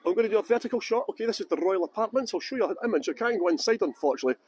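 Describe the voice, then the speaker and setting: A man's voice: high voice, expressive, racing, a little mellow, husky, rough recording. A man with a Scottish accent, guiding a live-streamed walking tour outdoors, chatting and joking with viewers through a handheld phone. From England. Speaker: tour guide. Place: outdoors in castle grounds.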